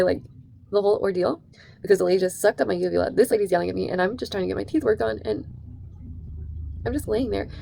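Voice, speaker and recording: A woman's voice: on the low side, creaky, a little mellow, no room sound. A young adult woman telling a rambling, emphatic story in a casual vlog, full of "like" and "right?". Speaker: vlogger.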